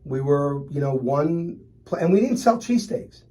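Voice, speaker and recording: Philly guy, middle-aged, lively storyteller, slightly high voice. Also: normal speed. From Philadelphia. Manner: animated, acts out customers in his stories. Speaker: restaurant owner, guest. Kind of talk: storytelling in a casual interview.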